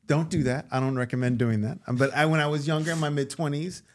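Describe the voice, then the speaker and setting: A man's voice: fairly high pitch, fairly even intonation, fast. A man, an actor and comedian, chatting casually as a podcast guest and acting out quotes in put-on voices. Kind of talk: casual storytelling chat.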